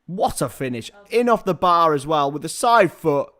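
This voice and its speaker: Hosting a live football watchalong, this man blends match commentary with easygoing chat to his viewers. He swears, calls everyone lads, and breaks into loud, excited shouts. His voice sits a little high and moves at a normal speed.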